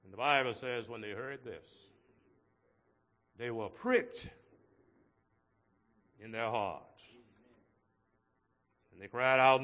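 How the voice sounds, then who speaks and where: A man preaching a sermon to his congregation in a slow, measured way, with emphatic rises on key words. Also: mid-range voice, sharp tone, long reverb tail. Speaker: pastor.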